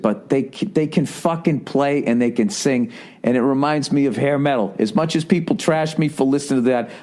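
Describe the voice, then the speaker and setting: Mid-range and a little mellow, this man's voice carries a Boston accent as he rambles through a story on his podcast. He's in his late forties and tells it casually, with profanity and frequent self-interruptions.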